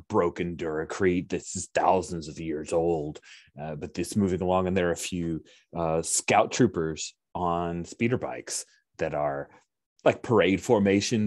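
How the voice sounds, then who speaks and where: A man's voice: sits low, no room sound, studio quality. A man narrating a tabletop game as game master, chatty and enthusiastic.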